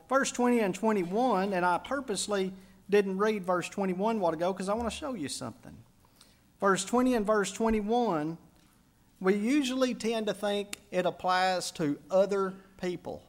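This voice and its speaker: A man, a pastor preaching a sermon, telling a story and building to emphatic peaks before dropping soft. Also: high voice.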